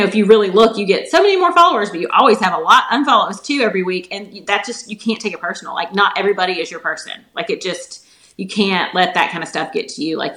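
A woman in her forties with a Southern US accent talks at a rapid clip, filling her sentences with "like". Her voice is bright and forward, and the recording picks up a roomy echo around her. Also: mid-range voice. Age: 40s. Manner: quick, chatty, lots of filler "like". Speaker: guest, holistic nutritionist. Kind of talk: casual podcast chat.

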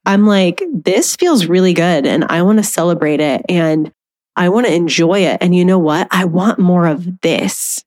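A woman's voice: on the low side, measured pace, a little mellow. A woman in her thirties hosting a solo podcast, talking candidly and conversationally, now and then acting out her inner voice with a laugh. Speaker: podcast host.

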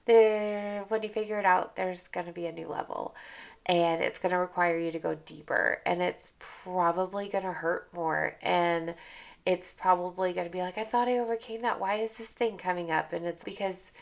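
Female podcast host, candid and chatty, slightly gravelly voice, leans on repetition. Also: on the low side, steady tone, moderate pace. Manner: candid, chatty, repeats phrases for emphasis. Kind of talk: casual motivational monologue.

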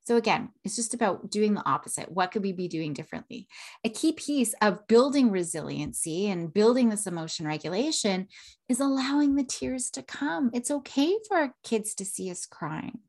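A woman's voice: mid-range voice, animated, moderate pace, a little mellow. A woman in her thirties hosting a solo parenting podcast, earnest, with a habit of tagging "right?" onto her points. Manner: earnest, repeats "right?" often.

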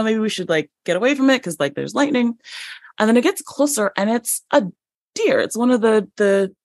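A woman guest on a podcast, telling a story in an animated, chatty way with many fillers and laughs. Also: medium pitch, no room sound, clean studio sound. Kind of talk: conversational storytelling.

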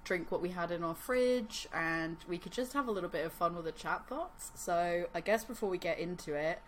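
A woman's voice: fairly low pitch, normal speed, a little hiss or hum. A woman co-hosting a podcast, chatting casually with many fillers and frequent giggles. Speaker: podcast co-host. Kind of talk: casual chat.

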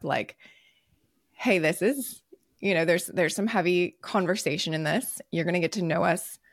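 A woman's voice: fairly low pitch, no echo, clean studio sound. An American woman co-hosting a podcast, chatting in a bubbly, talkative way. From United States. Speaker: podcast co-host. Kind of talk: casual chat.

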